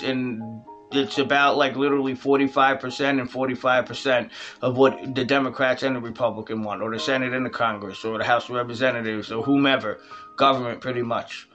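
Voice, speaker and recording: Heated, profane male vlogger; mid-pitched, talks straight to the audience, faint music under him. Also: fairly even intonation, fairly quick, a bit bright, highs cut off. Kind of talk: casual political rant.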